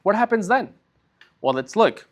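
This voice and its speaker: A man's voice: high voice, very animated, unhurried. Man teaching a lesson in a raised voice. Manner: patient step-by-step explaining, often checks in with "right?". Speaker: Spanish teacher. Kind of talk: recorded classroom lesson.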